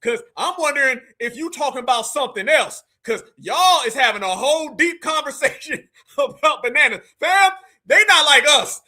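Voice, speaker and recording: A man hosting a live show, reacting to clips with loud exclamations and mocking asides to his viewers. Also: extremely high pitch, animated, moderate pace. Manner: exclaiming, mocking, laughing, addresses viewers as fam. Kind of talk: animated live reaction commentary.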